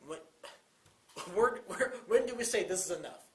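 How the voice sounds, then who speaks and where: A man's voice: high-pitched, expressive, moderate pace, roomy sound. A young man co-hosting a college talk show, speaking with urgent, repetitive passion and pleading questions. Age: young adult. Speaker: co-host. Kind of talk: impassioned commentary.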